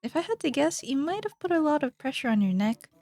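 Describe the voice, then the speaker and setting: A woman's voice: sits high, sing-song, fast, a little mellow, dry recording. A young woman streamer chatting casually with her viewers, rambling, giggling and trailing off mid-sentence. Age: young adult.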